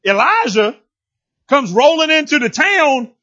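Animated, husky-voiced male preacher. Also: sits high, fairly quick, highs cut off. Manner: animated and playful, acts out characters, rises to shouts. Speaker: pastor. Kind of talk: sermon.

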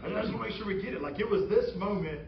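A man preaching a sermon as pastor, animated and humorous as he retells a story. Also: sits high, rapid-fire, gravelly, slight background noise. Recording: roomy, distant, dull sound.

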